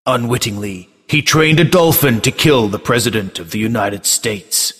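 A man's voice: medium pitch, a bit bright, slightly rough. A man hosting a casual podcast movie quiz, joking and laughing often. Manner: joking, laughs often, reads taglines in a slow dramatic voice. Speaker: podcast host running a movie tagline quiz.

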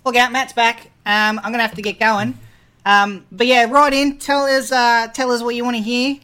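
Deadpan comedy podcast host. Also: male voice, very high voice, moderate pace, smooth. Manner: deadpan, hesitant, full of ums. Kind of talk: deadpan comedic reading and banter.

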